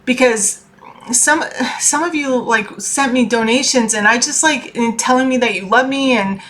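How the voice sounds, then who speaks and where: A woman's voice: a little high, normal speed, fairly bright tone. A woman, a tarot reader and life coach, giving a chatty, earnest motivational talk to her viewers. She keeps checking in with "okay?" and swears casually. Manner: earnest and heartfelt.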